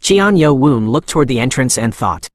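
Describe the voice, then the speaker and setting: A man giving a brisk, scripted story-recap narration. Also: mid-range voice, expressive, no echo.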